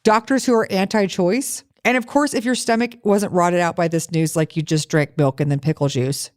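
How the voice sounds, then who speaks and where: A woman's voice: on the low side, fairly even intonation, moderate pace. A woman co-hosting a podcast in casual chat, sarcastic and profane, telling stories with animation. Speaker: podcast co-host.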